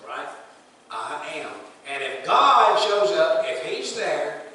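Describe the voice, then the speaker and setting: A pastor's high, sing-song voice carries through an echoey sanctuary as he preaches slowly, bright and forceful, asking the congregation questions in plain language. He is recorded from a distance in the hall.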